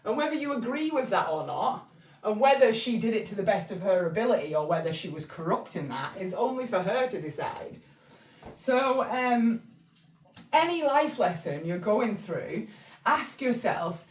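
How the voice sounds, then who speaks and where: A woman's voice: medium pitch, lively intonation, a little slow, recorded from a distance. A woman from England talking casually and rambling about spiritual life lessons, with lots of fillers and restarts. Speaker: channel host. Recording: echoey room, voice somewhat off-mic.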